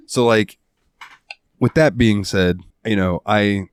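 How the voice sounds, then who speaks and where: A man hosting a casual podcast, recounting a game's ending with animated, heartfelt storytelling and some swearing. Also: fairly low pitch, slow pace, long pauses, clean tone, no echo. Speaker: podcast host. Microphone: studio headset mic.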